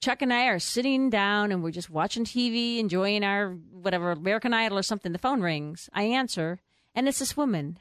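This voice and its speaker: A woman's voice: mid-range voice, a little fast, fairly bright tone, clear, resonant tone, no echo, clean studio sound. A middle-aged woman telling her personal story as an interview guest. She rambles with fillers and restarts, and acts out the voices of the people she quotes.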